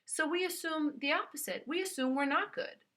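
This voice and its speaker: A woman with a New York accent leads a motivational self-help talk in a bright, forceful voice. Her tone is earnest and emphatic. She pitches a little high and addresses the listener directly. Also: normal speed.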